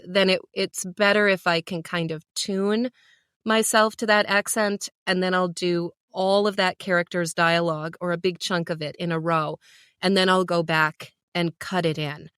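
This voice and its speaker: A woman's voice: lowish voice, steady tone, normal speed, a bit bright, clean tone, no echo, studio quality. A woman who narrates audiobooks, explaining her work in a practical, matter-of-fact way during a casual podcast chat.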